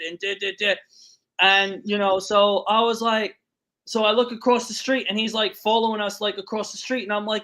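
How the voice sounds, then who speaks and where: A man hosting a podcast, telling stories in an animated, profane way. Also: high voice, moderate pace. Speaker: podcast host. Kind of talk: casual storytelling chat.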